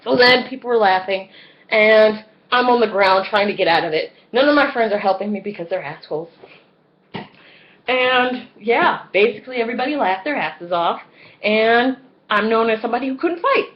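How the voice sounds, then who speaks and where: A woman's voice: a little high, moderate pace, lo-fi sound. A woman in her twenties telling a story in a casual vlog, swearing freely and acting out the other people's lines and her own screams. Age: 20s. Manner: animated, profane, acts out voices and screams. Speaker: vlogger.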